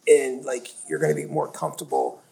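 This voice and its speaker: Gravelly-voiced man hosting a podcast. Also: mid-range voice, big pitch swings, fairly quick, noisy background. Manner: short encouraging interjections, laughs along. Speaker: podcast host. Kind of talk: casual podcast chat.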